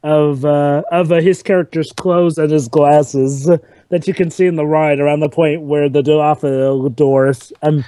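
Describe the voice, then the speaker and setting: A man riffs through a group movie commentary in a chatty, joking way. His voice sits somewhat high and sounds close and dry over a call mic. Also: flat delivery, normal speed, dark tone, clean tone, no room sound. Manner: chatty, jokey, repeats himself. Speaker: commentary co-host.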